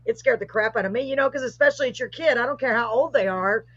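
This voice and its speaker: A middle-aged woman hosts a live show, telling a ghostly story with growing excitement and an animated voice. Her voice is husky and a little breathy. The sound is muffled and lo-fi, like a live stream. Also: on the high side, fast, no echo. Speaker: host. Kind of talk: casual storytelling, paranormal tale.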